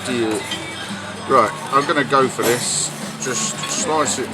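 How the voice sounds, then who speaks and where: Jokey man chatting over loud music. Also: medium pitch, a little slow, rough recording. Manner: jokey, mock-patriotic, rambling. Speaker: travel vlogger. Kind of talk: casual tongue-in-cheek travel commentary.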